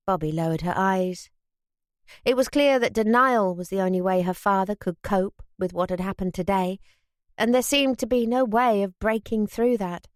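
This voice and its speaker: Reading scripted narration from a wartime novel, a female audiobook narrator keeps a measured, even storytelling pace. The mid-range voice comes through clean studio sound without echo.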